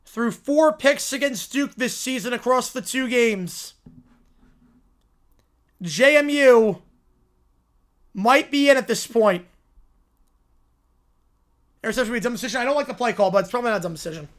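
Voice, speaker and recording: A man hosting a live stream, reacting excitedly to college football games and answering his chat. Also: extremely high pitch, fairly quick.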